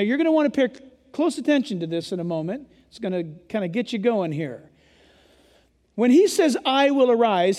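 A male pastor preaching a sermon to his church during a service, speaking emphatically and sometimes yelling. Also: extremely high pitch, in a large hall.

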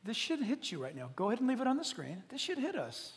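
A man preaching a sermon on a church stage, joking and swinging from hushed tones to shouts. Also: extremely high pitch, huge pitch swings, fast talker, a little hiss or hum. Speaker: pastor. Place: church hall. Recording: long hall reverb.

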